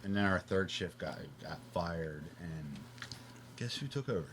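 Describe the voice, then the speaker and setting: A man's voice: deep voice, animated, a little slow, a bit bright, breathy edge. A man talking as a podcast guest in casual chat, laid-back and profane.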